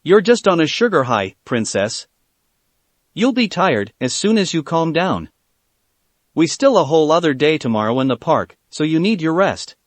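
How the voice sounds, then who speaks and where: A man's voice: a little high, very animated, moderate pace, dry recording. A man voicing a tender, devoted young father and lover in a read-aloud fan fiction story, speaking affectionately.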